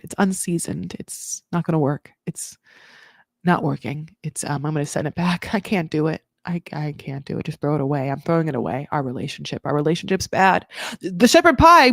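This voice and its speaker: A woman voicing a weepy, dramatic young wife at a breakup, talking in a breathy, giggly voice at a raised pitch. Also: no echo, clean studio sound.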